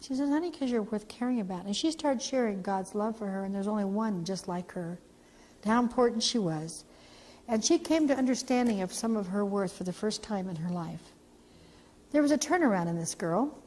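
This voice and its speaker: A woman, an organization's founder, giving an animated storytelling talk for a training video, acting out the voices she quotes. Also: mid-range voice, normal speed, big-room sound, a little hiss or hum.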